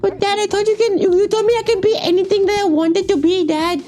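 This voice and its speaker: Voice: extremely high pitch, steady tone, quick pace, soft background music. A player voicing a clingy little radish son who whines and pleads with his dad, in a game voice-over. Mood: whiny pleading. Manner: whiny, pleading, often shouting "Dad".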